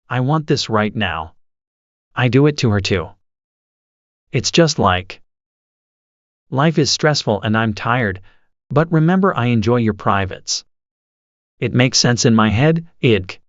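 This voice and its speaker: A man's voice: mid-range voice, dry recording. Man reading forum stories, dry and dull. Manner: even, steady reading with numbered entries. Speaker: narrator. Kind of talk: reading forum posts aloud.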